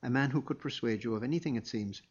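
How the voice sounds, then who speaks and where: Brief: a man doing a wry old storytelling abbot, husky, slightly muffled. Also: mid-range voice, quick pace, darkish tone, close to an everyday voice. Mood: musing. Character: calm, thoughtful old male abbot telling tales.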